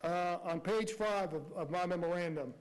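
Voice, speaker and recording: Male prosecutor, high voice, emphatic courtroom argument built on rhetorical questions. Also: normal speed, rough recording.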